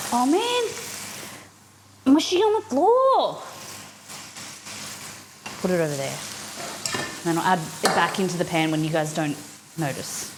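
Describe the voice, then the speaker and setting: A woman's voice: fairly low pitch, noisy background. A woman hosting a casual live cooking stream from her kitchen, chatting playfully and laughing at herself. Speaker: cooking show host. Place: home kitchen, indoors. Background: frying and sizzling in a pan.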